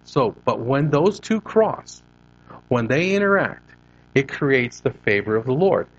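A man preaching a sermon, animated and conversational, moving his hands as he talks. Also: medium pitch, measured pace, highs cut off. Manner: animated preaching with hand gestures. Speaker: pastor.

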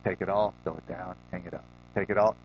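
A man putting on a hushed, stern old kung fu master. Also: fairly even intonation, fast, slight background noise, close to an everyday voice. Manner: low hushed commanding repetition. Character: quiet stern older male kung fu master. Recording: dull lo-fi recording.

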